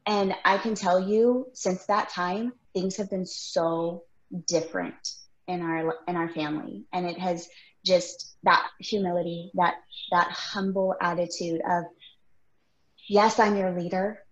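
A woman's voice: on the low side, flat delivery, measured pace. A woman in her thirties co-hosting a casual talk show, speaking earnestly and encouragingly as she tells a personal story. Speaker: podcast co-host. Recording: roomy, slightly dull sound.

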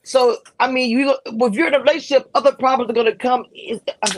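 A woman's voice: high-pitched, fairly even intonation, fast, poor audio. Interrupting woman panelist. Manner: cuts in with repeated hold on, defends her point. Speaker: review panelist. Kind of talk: casual show recap chat.

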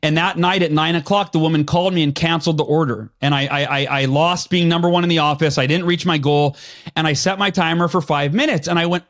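A man's voice: a little high, quick pace. A man in his forties, a podcast guest, telling a story with energy and acting out what he said to himself back then. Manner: animated storyteller, acts out his own past voice.

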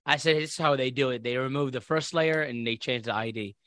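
A man from Iraq, appearing as a podcast interview guest, tells a story in casual conversation at a brisk pace and medium pitch. He's animated and acts out other people's voices. There's no echo.

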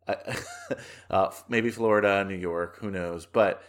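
A man's voice: low-pitched, fairly even intonation, takes it slowly. Chatty American man hosting a film podcast. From United States. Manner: chatty and enthusiastic, laughs often. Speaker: podcast host. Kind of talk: casual film podcast chat.

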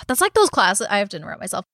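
A woman's voice: medium pitch, very animated, quick pace, gravelly, a bit bright, dry recording, studio quality. A young woman in her twenties co-hosting a podcast, reading listener stories aloud and cutting in with blunt, profane reactions. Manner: blunt, swears freely, interrupts her own reading with reactions. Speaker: podcast co-host.

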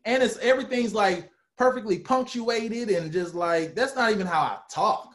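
Animated man telling stories casually. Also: sits high, normal speed, hardly any pauses. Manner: animated, acts out quotes of others. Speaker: guest, former reality TV cast member. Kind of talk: casual storytelling.

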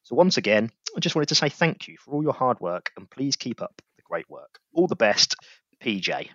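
A man's voice: medium pitch, very animated, moderate pace, a bit bright, no echo. A man co-hosting a podcast, reading listener emails with cheery, playful asides. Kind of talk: casual chat and reading aloud. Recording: dry, slightly dull podcast mic.

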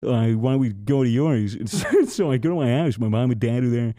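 A man's voice: medium pitch, lively intonation, a little fast, mellow, dry recording, clean studio sound. A young man, a podcast host, telling a rambling, profane story in casual chat with lots of restarts.

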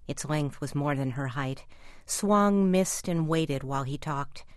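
Low-voiced woman reading a reflective essay. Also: no echo, studio quality. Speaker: commentator. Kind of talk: scripted personal essay.

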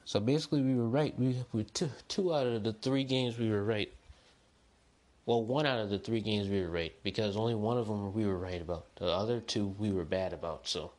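A young man hosting a solo podcast, chatting in a rambling, excitable, slangy way. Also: on the low side, fairly quick. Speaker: podcast host. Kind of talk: casual solo podcast chat.

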